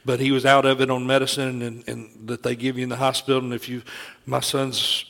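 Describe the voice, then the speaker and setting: A man's voice: mid-range voice, flat delivery, a little fast, gravelly, a bit bright. A middle-aged man preaching a sermon, telling a personal story in an earnest way and often restarting his sentences.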